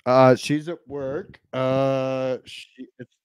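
A man talking as a podcast guest in brash, profane, rambling casual chat, swinging between loud outbursts and low mutters. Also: level tone, very slow, clear, resonant tone, dry recording.

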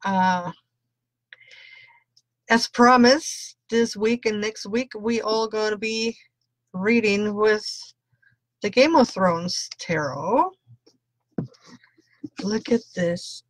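A woman's voice: medium pitch, takes it slowly, long pauses, a bit bright, no room sound. A woman tarot reader doing a chatty live-stream reading, greeting viewers by name and laughing often.

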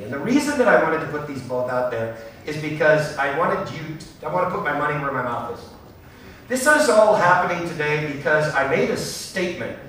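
A man giving a passionate, emphatic stage talk to bartenders at a trade show, swinging from low asides to loud outbursts. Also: recorded from a distance, slight background noise. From Norway. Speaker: speaker at a bar show. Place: large hall at a trade show. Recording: echoey hall, speaker away from mic.

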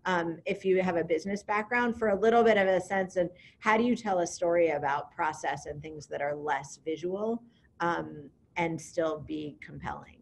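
A woman's voice: on the low side, moderate pace, creaky. A woman directing a program, speaking in a casual, upbeat way with frequent ums during an online information session.

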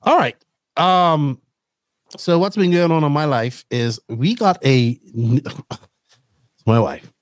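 A middle-aged man hosting a podcast, telling rambling, animated stories in casual chat. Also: on the high side, takes it slowly, pauses often, dry recording, studio quality. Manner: rambling, animated storytelling with laughs. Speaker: podcast host.

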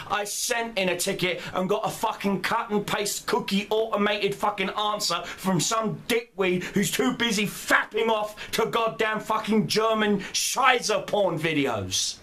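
Furious high-voiced man ranting. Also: moderate pace, sharp tone. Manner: furious, profane, heated. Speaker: gamer. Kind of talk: angry rant vlog.

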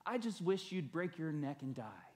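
A man voicing a greedy, short-tempered rich man, loud and demanding. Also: on the high side, sing-song, moderate pace, voice pushed up. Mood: irritated.

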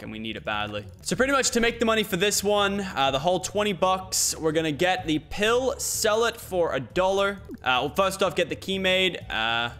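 A man's voice: a little high, fairly bright tone. A young man giving casual let's-play commentary, swearing often and talking through his plans aloud. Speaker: gaming YouTuber.

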